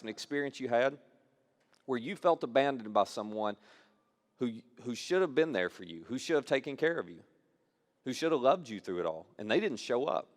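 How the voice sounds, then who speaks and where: Man preaching in a conversational sermon. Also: medium pitch. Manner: conversational preaching with repeated phrases and acted-out quotes. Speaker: pastor.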